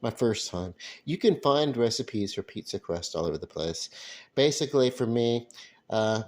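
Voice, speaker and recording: A man's voice: mid-range voice, animated, normal speed, a little mellow. Rambling man in a home kitchen. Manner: rambling, self-deprecating, chuckling. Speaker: vlogger. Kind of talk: casual cooking vlog.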